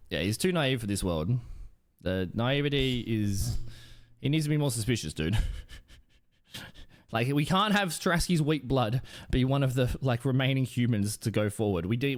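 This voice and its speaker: Animated, joking young male streamer. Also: mid-range voice. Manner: animated, crude and joking with chat. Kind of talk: casual live-stream chat while gaming.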